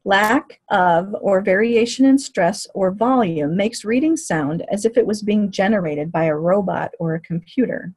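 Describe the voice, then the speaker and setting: A woman giving a lecture on teaching reading, in a clear, measured, explanatory way. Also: medium pitch, animated, darkish tone. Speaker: teacher educator.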